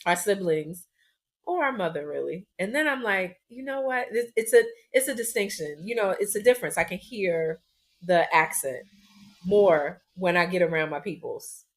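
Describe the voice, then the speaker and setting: A woman's voice: lowish voice, animated, moderate pace. A woman co-hosting a podcast, opening the show with energy and then chatting casually with her sister, laughing often. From United States. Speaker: podcast co-host. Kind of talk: casual chat. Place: lives in Florida.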